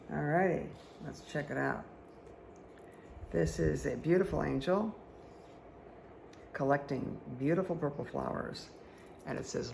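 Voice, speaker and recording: A woman with a deep, unhurried voice and some vocal fry pauses often as she reads tarot and angel cards for her viewers. She's a spiritual guide, chatty and rambling, who keeps checking in with "okay?" while talking casually to her audience. There's slight background noise.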